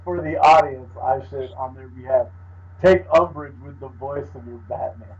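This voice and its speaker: A man's voice: mid-range voice, breathy edge. A man co-hosting a podcast in casual chat, wry and joking as he riffs. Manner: wry, joking, quick to riff. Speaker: podcast co-host. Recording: dull lo-fi audio.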